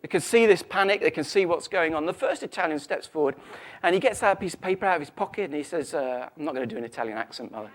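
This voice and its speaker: Animated man preaching a lively sermon. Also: on the high side, fast. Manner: conversational, animated storytelling with asides. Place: church.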